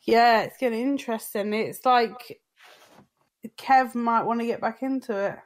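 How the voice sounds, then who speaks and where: A woman with a high, light voice chats in an easygoing way on a podcast. She talks over a call mic in relaxed conversation. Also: measured pace. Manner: easygoing, laughing often. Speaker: podcast co-host. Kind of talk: casual chat. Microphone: remote call mic.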